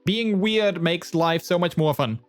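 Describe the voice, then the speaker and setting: A man's voice: sits high, faint music behind. Playful, chatty young male streamer. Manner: rambling, playful, quick to laugh, many fillers. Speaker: live streamer. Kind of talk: casual chat with stream viewers.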